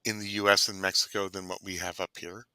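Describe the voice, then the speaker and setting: A man's voice: sits low, flat delivery, fast, bright, forceful tone, no room sound. A middle-aged man co-hosting a casual cooking live stream, teasing and laughing often. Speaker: cooking show co-host. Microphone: computer mic.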